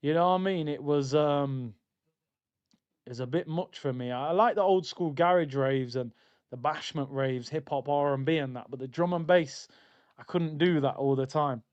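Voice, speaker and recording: A man's voice: a little high, normal speed, darkish tone, smooth, lo-fi sound. A man hosting a football watchalong stream, chatting loosely and reading out viewer comments. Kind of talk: casual live-stream chat.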